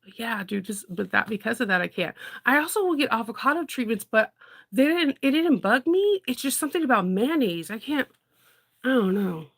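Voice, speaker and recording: A woman's voice: on the high side, very animated, a little fast, gravelly, fairly bright tone. A woman in casual chat, rambling through stories with frequent laughter. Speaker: content creator.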